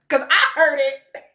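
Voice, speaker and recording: A woman hosting a casual reality-show recap livestream, talking bluntly and profanely. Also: high-pitched. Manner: blunt, profane, animated commentary with laughs. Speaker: podcast host.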